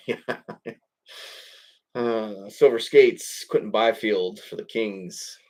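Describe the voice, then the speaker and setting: Low-voiced man casually narrating card breaks. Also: takes it slowly, a little mellow. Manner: casual and rambling, curses and chuckles. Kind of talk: live card-opening commentary.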